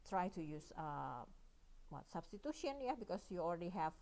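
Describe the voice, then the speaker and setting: A woman's voice: fairly low pitch, sing-song, normal speed, darkish tone. A woman with an Indonesian accent giving a recorded math lecture, working through each step and often checking in with "yeah" and "right?".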